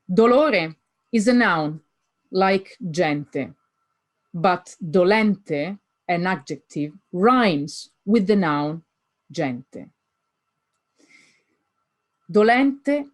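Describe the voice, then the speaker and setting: A woman giving an academic lecture, reading poetry closely with deliberate emphasis. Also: on the low side. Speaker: conference speaker.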